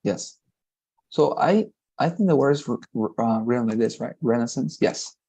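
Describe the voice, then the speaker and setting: Guy teaching english, mellow low voice, keeps saying right?. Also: moderate pace, gravelly, breathy edge. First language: Spanish. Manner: explains step by step, often checks with "right?". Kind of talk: online class explanation.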